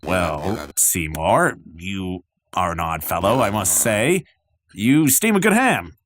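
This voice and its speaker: A man doing a gruff, suspicious superintendent. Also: low voice, slow, slight background noise, voice pushed down, heavily acted. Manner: gruff, deadpan questioning. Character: stern, suspicious older male school superintendent.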